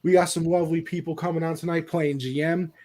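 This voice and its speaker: A man's voice: a little high, fairly even intonation, fast talker, darkish tone. A man hosting a casual online mock draft show as its commissioner. He talks in a playful, joking way and shifts into an announcer tone.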